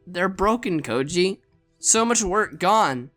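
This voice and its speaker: A man voicing a sweet, clumsy young woman Santa Claus in a visual novel read aloud, speaking softly and haltingly. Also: high-pitched, expressive, soft background music, full character voice. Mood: tearful. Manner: soft, tearful, faltering speech.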